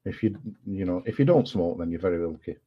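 A man's voice: low-pitched, lively intonation, fast, a little hiss or hum. A man with an English accent chatting casually on a late-night livestream, rambling and apologetic with many fillers. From England. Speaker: guest. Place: home at night. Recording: dull lo-fi home recording.

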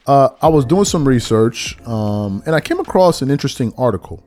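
A man in his forties hosting a solo sports podcast, talking straight to the mic with animated, mocking rants. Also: medium pitch, a little fast, soft background music. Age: 40s. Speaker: podcast host.

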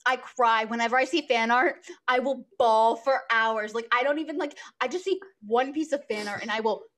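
A woman co-hosting a podcast in casual chat, emphatic and quick to laugh. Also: fairly high pitch. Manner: animated, emphatic, laughs easily. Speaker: podcast co-host.

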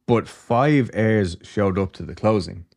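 Unhurried and slightly mellow, a man with a low-leaning voice and vocal fry hosts a podcast. His storytelling is loose and conversational, peppered with swearing and tangents.

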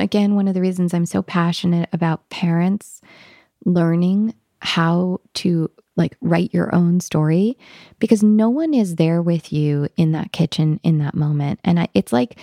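A woman podcast host with a lowish, gravelly voice. She affirms her guest warmly and reflects on parenting in casual conversation. The sound is dry and close. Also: normal speed, no echo.

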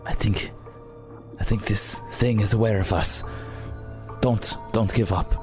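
A man's voice: lowish voice, steady tone, measured pace, music in the background. A man playing his character in a tabletop game, speaking in short, urgent lines. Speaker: player. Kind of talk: in-character tabletop role-play.

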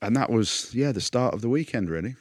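Chatty man telling lively stories. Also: medium pitch, fairly quick, slightly rough, dry recording, studio quality. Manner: animated, acts out other people's voices. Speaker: podcast co-host. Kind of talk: casual banter, storytelling.

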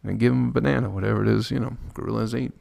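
Low gravelly guy riffing crude jokes on his podcast, dry close sound, cracks himself up. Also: fairly even intonation, very fast, darkish tone, dry recording. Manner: rambling, profane, laughs at his own jokes. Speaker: podcast host. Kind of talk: crude comedic podcast monologue.

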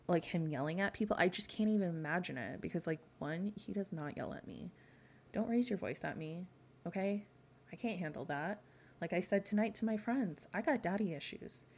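There's a little hiss or hum behind this woman's lowish, darkish voice as she hosts her podcast. Not from the American South, she gossips with sass, breaking into rants and laughter in a casual chat.

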